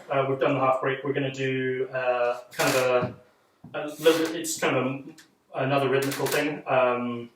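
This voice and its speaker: A man teaching a casual online dance class, chanting rhythm counts aloud and talking excitably with many fillers. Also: mid-range voice. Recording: echoey room, distant mic, noisy.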